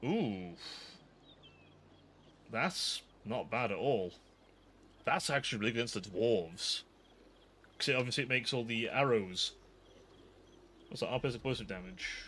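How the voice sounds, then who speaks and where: A man's voice: on the low side, measured pace, pauses often, a bit bright, slight background noise. A British man live-streaming a strategy game, chatting and thinking aloud, often cutting himself off mid-thought. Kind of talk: live gameplay commentary.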